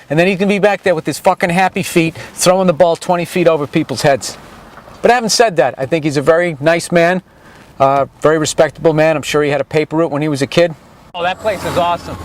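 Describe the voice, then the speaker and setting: A man giving a comic street tour outdoors, rambling in a crude, sarcastic, ranting way. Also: fairly high pitch. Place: outdoors on a town main street.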